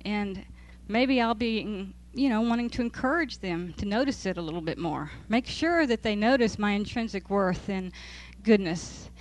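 A woman's voice: medium pitch, normal speed, hardly any pauses. A woman leads a Bible study in an easy, conversational voice. She teaches from scripture to a group and talks informally. Her amusement comes through often, with laughter as she reads. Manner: conversational, amused, laughs while reading aloud. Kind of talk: church talk to a group.

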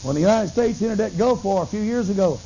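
A middle-aged man preaching a sermon, telling a story with lively acted-out dialogue. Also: high-pitched, quick pace. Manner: animated storytelling, acts out dialogue, bursts into tongues. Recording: dull lo-fi recording with faint hiss.

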